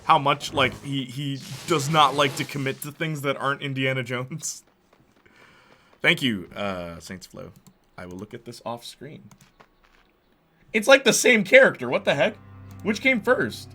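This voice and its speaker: Male gaming streamer, casual commentary, chatty, answers chat, bright ringing voice. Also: medium pitch, expressive, measured pace, long pauses, faint music behind. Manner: chatty, reads and answers chat, laughs often.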